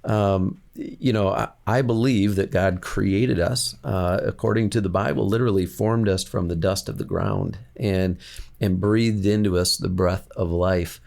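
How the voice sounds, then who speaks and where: A man speaking slowly and reflectively as a podcast guest, pausing often with fillers. His voice is deep, with a gravelly rasp. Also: steady tone, a little mellow. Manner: thoughtful, measured, with many fillers. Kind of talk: casual chat, reflective faith talk.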